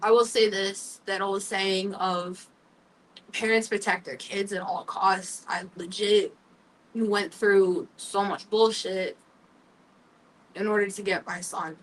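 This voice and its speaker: A young woman speaks candidly as a talk show host, sharing a personal story with halting pauses and fillers. Her voice sits at a middle pitch and comes across a little distant from the microphone. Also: fairly even intonation. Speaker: podcast host.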